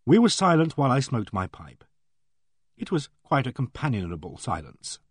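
A man's voice: medium pitch, huge pitch swings, normal speed, husky, no room sound. A man reading a novel aloud in first person, with dry, wry storytelling, close to the mic. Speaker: audiobook narrator. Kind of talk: scripted narration.

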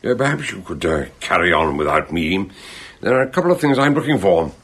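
Radio drama: a genial sleuth, lowish voice that swoops a lot, faint hiss. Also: male voice, big pitch swings, brisk, a bit bright, breathy edge, full character voice. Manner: theatrical, musing. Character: eccentric genial male doctor-detective. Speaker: amateur detective.

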